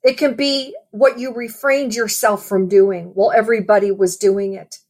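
A woman's voice: medium pitch, steady tone, moderate pace, a little mellow. A woman preaching a sermon in a conversational, storytelling way, often saying "you know".

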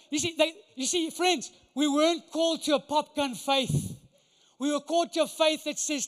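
High-voiced preacher. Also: male voice, moderate pace, long reverb tail. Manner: animated, conversational, acts out voices. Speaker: pastor. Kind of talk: sermon.

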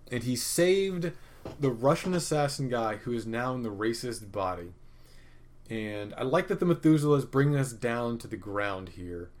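A man casually recapping a TV episode, opinionated and profane, rambling with restarts and swinging between loud rants and muttered asides. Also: mid-range voice. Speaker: podcast host reviewing a TV episode.

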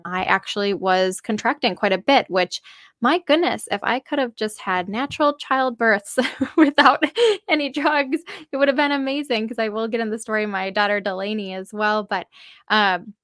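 A woman's voice: medium pitch, a bit bright, no room sound, clean studio sound. A young adult woman earnestly telling a personal story about giving birth, emotional and full of fillers.

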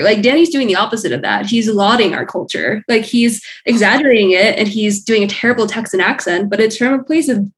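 A woman's voice: medium pitch, moderate pace, slight background noise. An American woman in a casual comedic chat, thinking things through aloud with many fillers. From United States. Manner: analytical, lots of filler "like".

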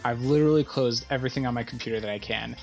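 A woman's voice: extremely low pitch, rapid-fire, creaky, music in the background. A woman playing a visual novel game, chatting casually, reading the text aloud and grumbling. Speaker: gamer streaming a visual novel. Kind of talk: casual let's-play narration.

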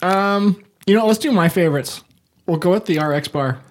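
A man's voice: high-pitched, normal speed. A man co-hosting a podcast in casual chat, enthusiastic and swearing offhandedly. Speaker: podcast co-host.

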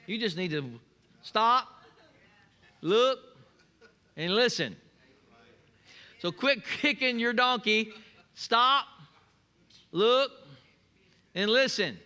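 A man's voice: sits high, animated, very slow, long pauses, bright, forceful tone, clean tone. A male pastor preaching a sermon, telling stories with folksy humor and leading the congregation in call-and-response.

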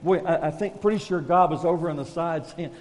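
A man's voice: a little high, brisk, a little mellow, big-room sound. A man preaching a conversational, self-deprecating sermon as a pastor, calling his listeners folks.

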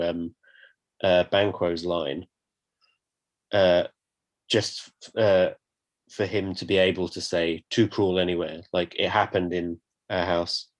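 A man who writes, co-hosting a casual chat about a play, hesitant, with many fillers and false starts. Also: sits low. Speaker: podcast co-host, writer.

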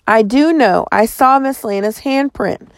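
A woman voicing a spirited, quick-witted young girl who talks in an urgent, cheeky way. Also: fairly high pitch, dry recording, pitched above the performer's own voice.

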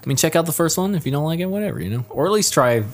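A man's voice: fairly high pitch, animated, racing. A man co-hosting a podcast in casual chat, rambling and often searching for words. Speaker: podcast co-host.

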